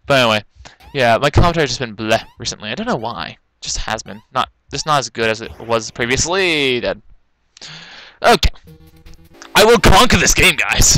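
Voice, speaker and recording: A young man casually rambling through a let's-play, breaking into loud excited outbursts, recorded on a laptop in his bedroom. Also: medium pitch, dry recording, low-quality recording. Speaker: gaming commentator. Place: bedroom, kneeling at a laptop on the bed. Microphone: laptop mic.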